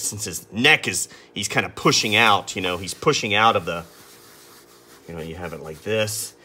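Chatty drawing guy talking as he sketches, gravelly and kinda husky. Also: low voice, pushed and bright. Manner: chatty, self-amused, talks while sketching. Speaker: artist teaching drawing. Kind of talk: casual drawing tutorial chat.

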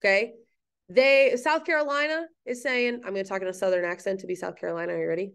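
A woman's voice: mid-range voice, fairly even intonation, fast, creaky, a bit bright, smooth. A woman teacher giving a recorded history lecture in an empty classroom, playful, jokey and chatty.

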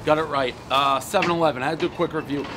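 A man's voice: on the high side, fairly even intonation, racing. A man giving a casual, profane, joking pizza review on a city street corner. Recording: street traffic noise.

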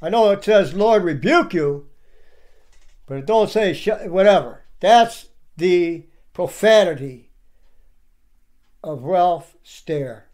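A man's voice: high-pitched, lively intonation, slow pace, darkish tone. A man giving indignant, preachy commentary over clips and firing off rhetorical questions. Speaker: online commentator.

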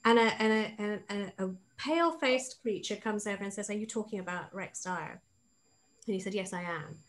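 A woman's voice: mid-range voice, normal speed, low-quality recording. A woman with a British accent, an author telling a personal story as the guest of an online talk, acting out the quoted lines as she goes. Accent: British English.

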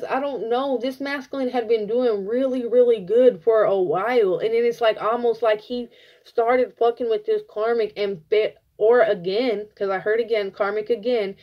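A woman giving a casual tarot reading, blunt and profane, telling it like an animated story. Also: a little high, normal speed, dull audio. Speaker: tarot reader.

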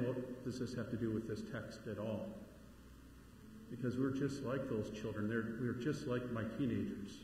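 A man's voice: mid-range voice, a little hiss or hum. A middle-aged man, a pastor giving a sermon in a conversational way, with frequent asides and rising emphasis. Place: large church sanctuary. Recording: very echoey church hall, faint ambience.

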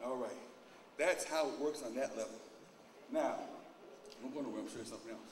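A man's voice: medium pitch, a little fast. Man speaking in an echoey hall. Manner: casual, instructing volunteers as he demonstrates; gets loud and animated in stories. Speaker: opening speaker at a lecture. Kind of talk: live demonstration talk to an audience. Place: large echoing hall. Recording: echoey hall, distant mic, background noise.

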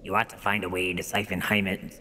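A deep, ancient ice spirit speaks in a slow, grave, drawn-out voice, as a man puts it on while playing a game. The tone is ominous and solemn, pitched well below an ordinary man's talk, with a faint hiss of noise underneath. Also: little pitch movement, bright, forceful tone. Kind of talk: gameplay dialogue read in a put-on voice.

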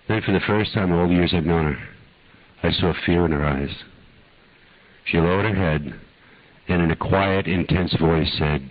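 A man's voice: low-pitched, moderate pace, dry recording. An older man preaching in a folksy, dramatic storytelling way that rises to impassioned pleading, on an archive recording. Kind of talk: storytelling sermon. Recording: dull lo-fi archive talk recording.

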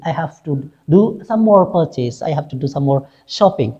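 A woman's voice: sits low, expressive, normal speed, mellow. A woman teacher reading a play aloud and explaining each line in simple words, with many fillers and frequent "right?" checks. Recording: dull lo-fi recording.

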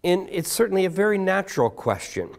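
Man, pastor, sermon, animated intonation, emphatic, slows on key phrases, asks the congregation questions. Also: high-pitched, gravelly. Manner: slows down to stress key words. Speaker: guest pastor.

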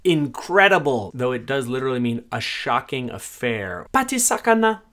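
A man who teaches a language reviews a translation tool in a casual way. He says each phrase aloud and then explains what it means, adding quick asides. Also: mid-range voice, expressive, bright, forceful tone.

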